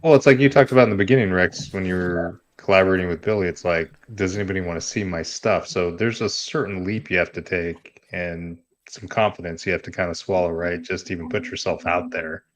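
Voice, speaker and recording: A man in casual chat, blunt and quick to swear when he makes a point. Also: deep voice, fairly even intonation.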